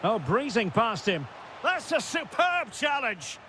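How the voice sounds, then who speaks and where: A man's voice: very high voice, very animated, takes it slowly, bright, forceful tone, slight background noise, exaggerated voice. A man voicing a football play-by-play commentator in a video game, calling the action in short bursts that rise sharply at chances and goals. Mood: lively.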